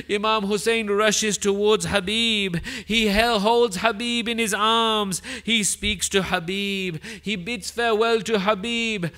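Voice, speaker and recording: A man, a sheikh, giving an emotional mourning sermon in short declarative sentences that swell into loud grieving cries. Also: high-pitched, steady tone, slow pace, few pauses. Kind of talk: emotional Muharram majlis narration.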